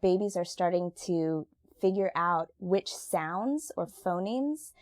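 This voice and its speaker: A woman's voice: fairly low pitch, expressive, slow, darkish tone. A woman speech-language pathologist explaining infant speech development in an emphatic, friendly chat. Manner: emphatic, says absolutely often. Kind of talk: expert explaining in casual chat.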